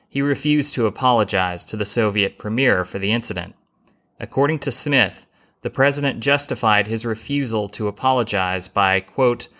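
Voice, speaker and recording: A man with a fairly low voice reads a prepared history narration for his podcast. His delivery is measured and steady, broken now and then by a wry aside.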